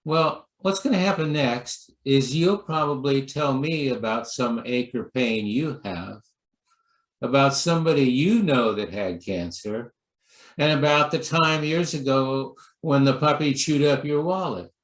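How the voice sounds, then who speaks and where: A man pastor delivers a sermon talk at an unhurried pace, gentle and story-driven, slipping into lively acted voices for quotes. His mid-range voice carries through an echoey room. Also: medium pitch.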